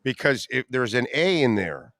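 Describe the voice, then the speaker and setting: Blunt, animated man hosting sports radio. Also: mid-range voice, moderate pace, no echo, studio quality. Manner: blunt, swears freely, animated storytelling. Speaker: radio show host. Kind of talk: casual sports talk.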